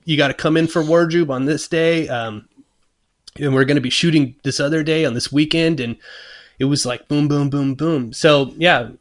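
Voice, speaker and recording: A man's voice: on the high side, moderate pace. A guitar-making guest in casual interview conversation, telling a story with lots of fillers and restarts, acting out his own thoughts. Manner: animated, acts out his own thoughts and quotes. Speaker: guest luthier.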